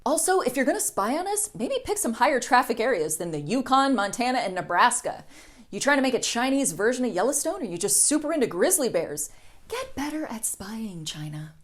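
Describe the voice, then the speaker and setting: A woman hosts a comedy news segment and reads her script with a dry, sarcastic edge. Her voice is fairly high and swings widely in pitch as she lands each joke. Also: big pitch swings, brisk. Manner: sarcastic, with mocking voices for quotes.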